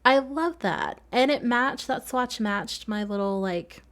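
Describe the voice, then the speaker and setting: Soft, nasal Southern woman, chatty voice-over. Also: fairly high pitch. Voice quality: slightly nasal. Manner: soft-spoken and quick, giggles often. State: recovering from a cold. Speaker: Sims builder narrating a speedbuild. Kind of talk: casual voice-over.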